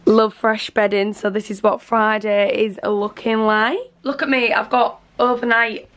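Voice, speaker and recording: A woman's voice: medium pitch, level tone, a little slow, fairly bright tone. A young British woman in her twenties, chatting casually and upbeat to camera in her bedroom at home, filming on a handheld phone. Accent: British English. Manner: chatty, upbeat, rambling with fillers. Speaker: vlogger.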